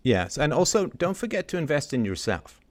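A man hosting an online roundtable, talking in an animated, emphatic way in casual discussion. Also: fairly high pitch, a little fast. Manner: animated, emphatic, mimics other voices. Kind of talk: casual panel discussion, ranting.

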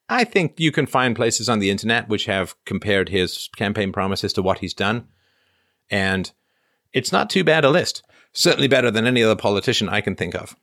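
Deep-voiced man rambling through viewer questions. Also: very animated, a little fast, a bit bright, no echo, studio quality. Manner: rambling, self-interrupting, reads questions aloud. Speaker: podcast host reading viewer comments. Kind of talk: casual livestream chat.

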